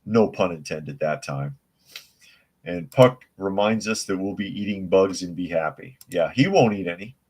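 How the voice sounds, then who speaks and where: A man's voice: low voice, expressive, moderate pace, darkish tone, husky. A man hosting a live news podcast, reading articles and chat comments aloud and answering them with blunt, scoffing opinions. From United States.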